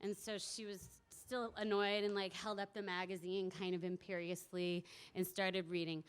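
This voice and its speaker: A woman's voice: medium pitch, steady tone, normal speed, hardly any pauses, clean tone. A young woman telling a personal story to a live audience at a community event, now and then laughing and acting out voices. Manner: warm, laughing, acts out voices in quotes.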